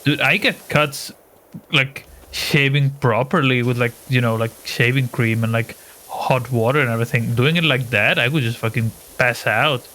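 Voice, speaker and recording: A man's voice: mid-range voice, normal speed, poor audio. A man co-hosting a live stream, talking casually with plenty of fillers and some swearing. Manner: animated, swears, lots of fillers. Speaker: stream moderator and co-host. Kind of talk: casual chat.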